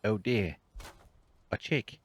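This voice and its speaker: Low-voiced man muttering over gameplay. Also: animated, slow pace, slight background noise. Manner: muttering to himself, jokey asides, hums and whispers. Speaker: gaming channel host. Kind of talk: relaxed rambling gameplay commentary.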